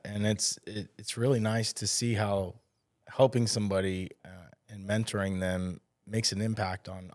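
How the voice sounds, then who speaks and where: A man's voice: on the low side, no room sound, studio quality. A man hosting a podcast, reflecting on mentoring in a casual way and offering help. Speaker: podcast host. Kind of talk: casual conversation. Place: podcast studio.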